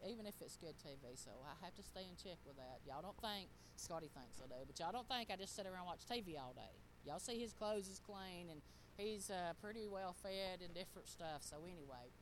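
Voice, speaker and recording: A woman's voice: medium pitch, slight background noise, low-quality recording. A middle-aged woman preaching a sermon, talking straight to the congregation in a folksy way.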